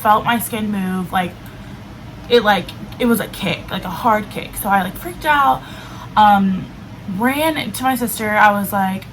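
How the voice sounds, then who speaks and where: A woman's voice: medium pitch, unhurried, fairly bright tone, rough recording. Chatty young woman vlogger. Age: 20s. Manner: chatty, fills speech with "like". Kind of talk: casual storytelling. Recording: faint background noise, level cutting in and out.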